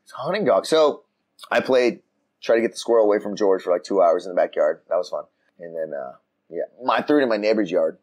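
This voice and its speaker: A podcast co-host with a lowish voice talks fast in a casual chat recorded in a room outside the usual studio. He tells a story with animated energy, doing lively voices for the people in it and often restarting his sentences.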